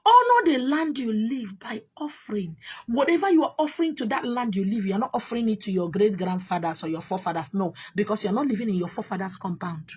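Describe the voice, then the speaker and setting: Nigerian lady ranting to followers, raspy voice that swoops up and down a lot, keeps repeating herself. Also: medium pitch, lively intonation, fast talker. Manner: exasperated, emphatic, repeats herself. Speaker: spiritual teacher. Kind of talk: casual monologue.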